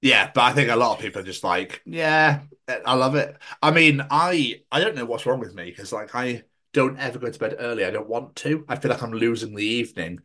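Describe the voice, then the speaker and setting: A man in casual podcast banter, crude and animated, slipping into funny voices as he tells stories. His pitch sits in an ordinary middle range. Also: a little fast, hardly any pauses. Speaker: podcast co-host.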